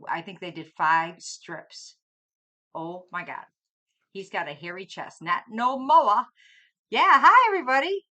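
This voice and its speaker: A middle-aged woman chatting casually on a live stream, bubbly and talkative, greeting viewers one after another. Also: medium pitch. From Minnesota. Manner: bubbly, chatty, greets viewers by name with lively swings in loudness.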